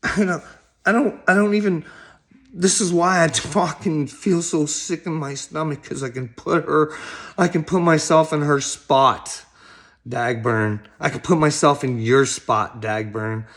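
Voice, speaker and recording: A man's voice: a little high, a little slow, a bit bright. A middle-aged man rambling straight to camera, swearing heavily and breaking into laughs between phrases. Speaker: video blogger addressing another creator. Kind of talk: rambling direct-to-camera monologue.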